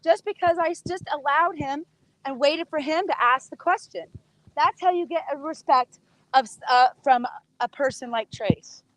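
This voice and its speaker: A woman horse trainer talks viewers through her work in a relaxed, conversational teaching voice. Her pitch sits a touch high and the sound is close and dry, with no room echo. She keeps up an easy patter and coaxes the horse with steady encouragement. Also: normal speed. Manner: chatty, coaxing praise to the horse. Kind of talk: casual teaching while working a horse.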